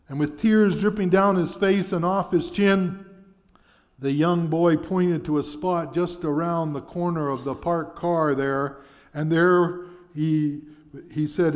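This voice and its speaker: A man preaching a sermon, telling a story in an earnest, measured way in a church sanctuary. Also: fairly high pitch, fairly even intonation, darkish tone. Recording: dull sound with long church reverb.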